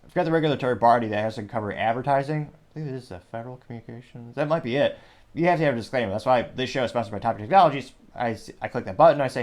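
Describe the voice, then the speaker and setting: A man's voice: mid-range voice, lively intonation, fast talker. A man hosting a casual commentary show, reading social media comments aloud with wry, rambling asides and frequent self-corrections. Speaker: host.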